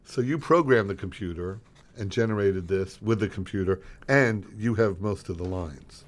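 A man's voice: on the low side, normal speed. Dry, teasing male radio host. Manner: dry, teasing, mock-offended. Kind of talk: casual on-air banter.

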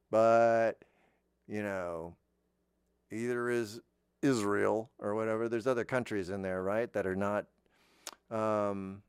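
A man's voice: fairly low pitch, smooth, no room sound, clean studio sound. A middle-aged man hosting, talking in a casual monologue that rambles through restarts and asides. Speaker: host.

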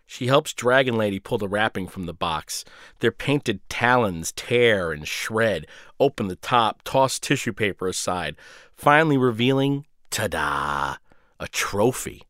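A man's voice: lowish voice, lively intonation, a little slow, dry recording, studio quality. A man narrating a first-person story in a sardonic, biting way.

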